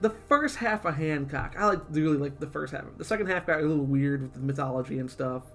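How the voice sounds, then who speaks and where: A man's voice: fairly high pitch, fast, fairly bright tone, faint music behind. A man co-hosting a casual comic read-along podcast, giggly and chatty. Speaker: podcast co-host.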